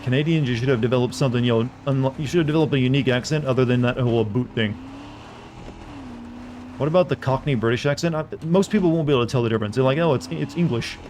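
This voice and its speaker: A man's voice: mid-range voice, racing, darkish tone, slight background noise. A man with a Southern US accent, casually rambling and joking with viewers while playing a game. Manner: rambling, jokey, chatting with viewers. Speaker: streamer. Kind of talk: casual gameplay commentary.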